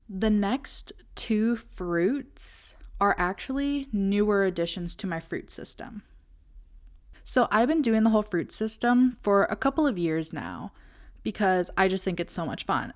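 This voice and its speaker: A woman in her twenties chatting casually to camera as a vlogger, playful and animated, acting out her friends' voices. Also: fairly low pitch.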